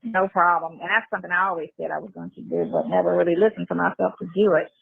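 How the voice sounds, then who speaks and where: A woman's voice: fairly low pitch, quick pace, vocal fry, slightly rough, dry recording. Woman rambling over a tinny phone line. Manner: rambling, acts out other voices, swears freely. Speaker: livestream guest on a phone call. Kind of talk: casual phone chat.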